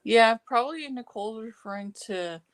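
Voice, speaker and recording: A woman joining a stream chat, talking in a slow, drawn-out way and laughing along. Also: on the high side, animated, crowd noise. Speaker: stream guest. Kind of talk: casual chat.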